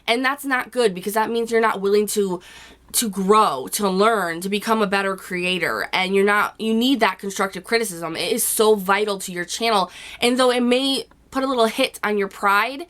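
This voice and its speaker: Hoarse woman vlogger giving blunt advice. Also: mid-range voice, normal speed, fairly bright tone. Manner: blunt, chatty, with frequent "you know" and casual swearing. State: hoarse from a cold. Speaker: YouTube vlogger. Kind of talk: casual advice chat to camera.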